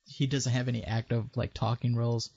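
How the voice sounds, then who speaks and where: A man chatting offhand on a podcast, quick and casual with plenty of fillers. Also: medium pitch, flat delivery, gravelly, a little mellow, lo-fi sound. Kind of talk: casual chat.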